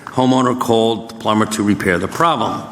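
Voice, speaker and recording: A man's voice: on the low side, a little fast, a bit bright, slight background noise. A man council member reading out department reports in a matter-of-fact way. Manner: matter-of-fact, listing items. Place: borough council chamber. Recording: roomy echoey council chamber.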